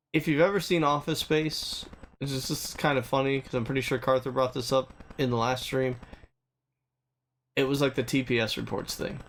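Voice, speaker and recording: A man streaming a game who tells a story casually, with animated, exasperated asides. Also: mid-range voice, a little hiss or hum. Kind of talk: casual storytelling while gaming.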